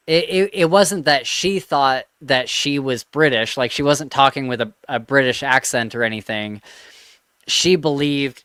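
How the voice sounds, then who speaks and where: A man's voice: mid-range voice, a bit bright, clean tone, no echo. A man hosting a podcast, casually chatting and reading a listener's story aloud with an amused tone. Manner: amused, laughs between lines. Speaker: podcast host.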